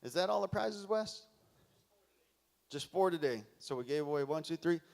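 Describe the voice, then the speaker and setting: A man with a slightly high voice emcees a conference on a mic in a large hall. He booms out applause cues and reads raffle numbers slowly and clearly. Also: lively intonation. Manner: loud, hearty, calls out raffle numbers slowly.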